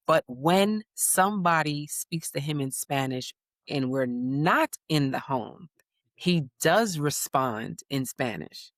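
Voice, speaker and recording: A woman's voice: sits low, fairly bright tone, dry recording, studio quality. A woman in her thirties, born in the United States, telling family stories as a guest and acting out her children's voices. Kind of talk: conversational interview.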